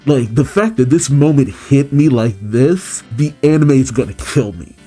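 Male reaction host, warm and low-toned, narrates manga panels and gushes openly; faint music bed. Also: expressive, normal speed, slightly rough. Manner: reads character lines aloud, then gushes emotionally. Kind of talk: casual manga chapter recap and reaction.

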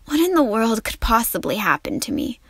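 A woman's voice: fairly high pitch, big pitch swings, a little fast, fairly bright tone, breathy edge, dry recording, studio quality, heavily acted. A woman doing a weary, gloomy husband. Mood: resigned. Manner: sighing, resigned, grumbling. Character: weary, gloomy husband who longs for sleep.

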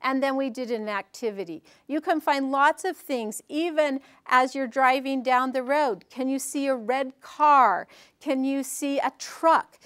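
A woman presenting a parent workshop on early learning, telling a story in an animated way and asking the audience questions. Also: high-pitched, a little slow, clear, resonant tone, no room sound, studio quality.

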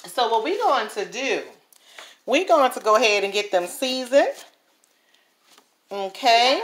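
A woman's voice: fairly high pitch, lively intonation, takes it slowly, pauses often. Brief: New woman, home cook, chatty vlog voice, faint noise behind. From New Orleans, USA. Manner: chatty, keeps checking in with the viewer. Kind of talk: casual cooking vlog.

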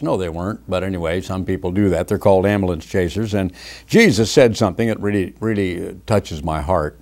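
A man's voice: low-pitched, a little fast, a little mellow. An older preacher delivers a sermon from his study. He talks in a conversational way, moves between reading scripture and chatting, and mocks other people's voices as he goes. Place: home study.

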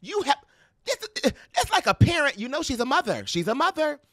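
A young adult man giving playful, sassy pop culture commentary to camera, dramatic and full of mock quotes and quick laughs. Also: extremely high pitch, wildly swooping pitch, a bit bright, no echo, studio quality. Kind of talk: animated casual commentary to camera.

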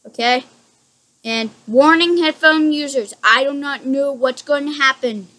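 A frightened woman with a high, light voice talks through a horror game in a room at home. She is jumpy and easily spooked, and keeps apologizing to her viewers. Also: unhurried, sharp tone. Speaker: gaming channel host.

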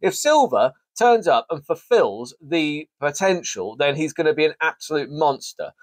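On a sports show, the host, a man with a fairly high voice and lively intonation, speaks at normal speed in a recording with no room sound. His fight card preview is casual and rambling, full of self-deprecating jokes.

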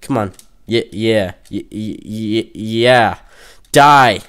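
A man's voice: fairly low pitch, fairly even intonation, slow, clean tone. A young man giving casual, goofy gameplay commentary, trash-talking opponents and joking around. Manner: goofy, trash-talking, breaks into off-key singing.

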